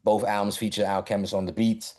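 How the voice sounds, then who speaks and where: A man's voice: lowish voice, little pitch movement, fast talker, darkish tone. A man hosting a hip hop album battle show, chatty and loose, laughing often as he talks to the chat. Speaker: host.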